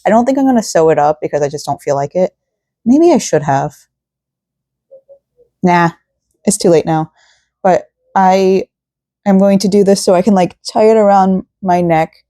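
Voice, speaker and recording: A woman's voice: lowish voice, moderate pace, pauses often, warm tone, no echo, clean studio sound. A woman craft vlogger chatting casually at home at night, rambling and full of fillers. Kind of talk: casual vlog chat.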